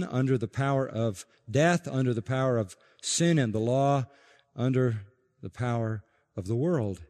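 A man preaching an expository sermon as pastor, emphatic, repeating key phrases and slowing down to stress them. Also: mid-range voice, a little mellow, in a large hall.

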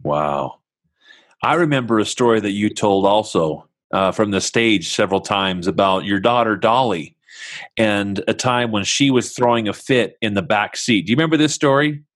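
A man's voice: lowish voice, moderate pace, fairly bright tone. A man hosting a conversational interview. He sounds enthusiastic as he prompts his guest with questions and asks him to tell stories.

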